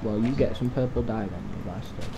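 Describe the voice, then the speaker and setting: Mellow-voiced young gamer. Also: male voice, on the low side, a little fast, creaky, a little hiss or hum, rough recording. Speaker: let's play co-host. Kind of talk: casual gaming chat.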